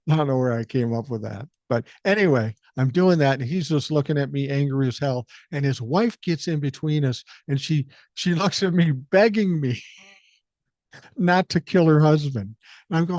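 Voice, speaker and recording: A man's voice: on the high side, animated, normal speed, a little mellow, no echo. An older man with a Minnesotan accent hosting a solo podcast, telling a profane story and acting out the quotes. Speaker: podcast host. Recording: dry, slightly dull podcast mic.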